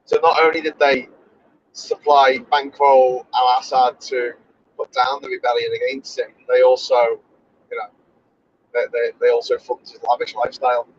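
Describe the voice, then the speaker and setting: A man's voice: medium pitch, little pitch movement, moderate pace. A man hosting a casual chat, rambling and opinionated, correcting himself as he goes. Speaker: podcast host. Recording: dull lo-fi recording.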